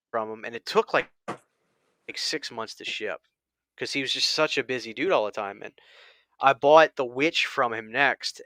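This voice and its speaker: Bright, clear-voiced man telling a story. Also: medium pitch, no room sound, clean studio sound. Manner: rambling storyteller, many restarts. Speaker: channel host. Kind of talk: casual chat.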